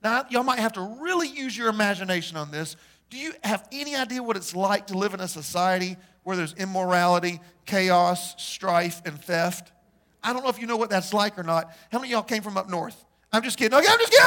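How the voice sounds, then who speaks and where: A man preaching a sermon as pastor, joking with the congregation and shouting out in bursts. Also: sits high.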